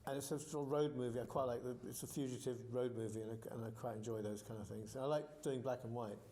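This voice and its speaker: An older filmmaker answering audience questions at a cinema, rambling and halting with fillers. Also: male voice, medium pitch, steady tone, dark tone. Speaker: filmmaker guest at a Q&A. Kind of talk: casual Q&A answers. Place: cinema auditorium Q&A. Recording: roomy echoey cinema.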